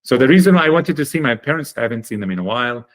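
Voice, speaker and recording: A man guesting on a podcast interview, telling his story in an earnest, animated way with plenty of fillers. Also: mid-range voice, racing. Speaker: guest, chocolate company founder.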